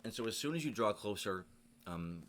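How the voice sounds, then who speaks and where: Game master, male, lowish voice, rambling narration with fillers. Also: expressive, a little fast, fairly bright tone, slight background noise. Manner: rambling, full of fillers and restarts.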